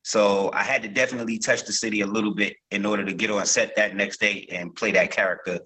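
A man from Newark chats as a guest actor in a casual podcast interview. His voice sits a little low but sounds bright and forward. He rambles, with plenty of ums, restarts and "you know"s. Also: quick pace, slightly rough, low-quality recording. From Newark, New Jersey. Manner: relaxed storytelling with many fillers and restarts.

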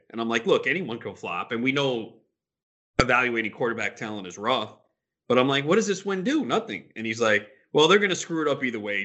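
A man co-hosting a casual sports talk show, frustrated and animated, retelling his conversations with friends. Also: medium pitch. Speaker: sports podcast co-host.

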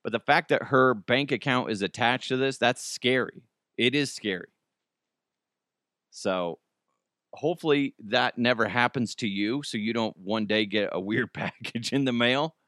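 A man's voice: mid-range voice, a little slow, fairly bright tone, no room sound, studio quality. A man hosting a casual comedic news podcast, joking, laughing often and slipping into goofy voices. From United States. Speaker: podcast host.

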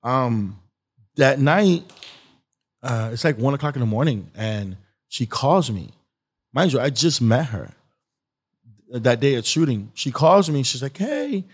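A man's voice: mid-range voice, a little slow, pauses often, breathy edge. A man guest on an interview show, telling a long casual story with lots of filler and acted-out quotes. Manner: rambling, animated, acts out quotes. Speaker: guest, skit creator.

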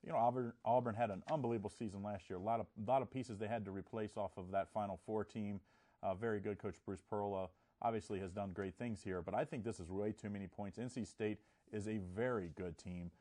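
A man's voice: fairly low pitch, steady tone, fast, warm tone. A man giving sports betting picks in casual chat, often restarting his words.

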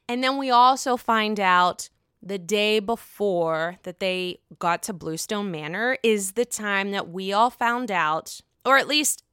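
Sassy, bright-voiced woman recapping gossip. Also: medium pitch, animated, normal speed, clean tone, no room sound, clean studio sound. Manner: gossipy, sassy, swears freely, acts out quotes. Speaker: reality TV recap host. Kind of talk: casual chat.

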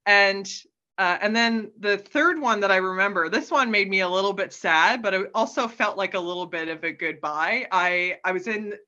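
A woman's voice: mid-range voice, moderate pace, pushed and bright, highs cut off. A woman guest telling stories in a casual, chatty way, often adding "like" and "right?" and laughing. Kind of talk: casual storytelling.

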